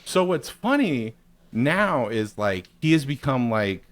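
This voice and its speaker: A man's voice: medium pitch, very animated, slow pace, no room sound. A man in his forties telling a rambling, profane, self-mocking story on a podcast. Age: 40s. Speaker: podcast co-host. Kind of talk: casual storytelling.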